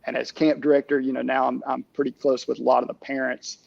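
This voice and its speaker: A middle-aged man, a camp director, telling stories in a casual interview, halting with many restarts and fillers. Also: mid-range voice, little pitch movement, gravelly, a little mellow, no echo, dull audio.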